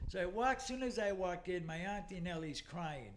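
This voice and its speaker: A man's voice: high-pitched, moderate pace, a little hiss or hum. A man in his older years, telling profane stories as a podcast guest and acting out the people in them. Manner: profane, animated storyteller who acts out quoted people. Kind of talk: casual storytelling chat.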